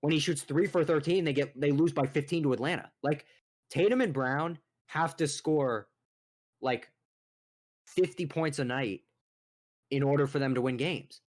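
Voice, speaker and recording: A young man co-hosting a sports podcast launches into a profane, exasperated rant. His voice sits fairly high for a man, and he swings between fired-up outbursts and muttered asides. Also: moderate pace. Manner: profane, exasperated, animated ranting. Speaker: podcast co-host.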